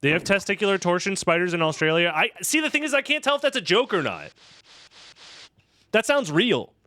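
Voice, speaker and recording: Bright-voiced joking male streamer. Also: high-pitched, sing-song, a little fast. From United States. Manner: joking, sarcastic, chatty with viewers. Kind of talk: live-stream gameplay commentary.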